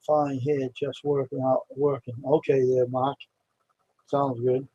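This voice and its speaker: A man's voice: medium pitch, flat delivery, a little slow, mellow, slightly rough, no echo, dull audio. A man hosting a casual live stream, greeting viewers by name and grumbling to himself about his videos.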